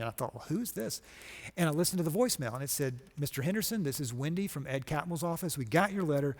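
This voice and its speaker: A middle-aged man from Georgia delivers a motivational talk on a conference stage. His voice sits a bit high for a man. He tells stories with animated energy and acts out quoted lines. His voice carries a long hall reverb. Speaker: conference speaker.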